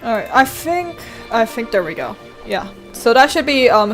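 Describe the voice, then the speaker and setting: A woman's voice: on the high side, sing-song, normal speed, a bit bright, soft background music. Chatty, foul-mouthed woman streamer. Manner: chatty, swears freely, frequent laughter. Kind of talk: casual livestream chat.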